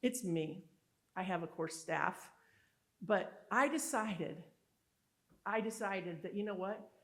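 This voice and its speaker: A woman giving a motivational conference speech, telling stories in an animated, emphatic and candid way. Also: mid-range voice, takes it slowly. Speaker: summit speaker. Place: live conference event.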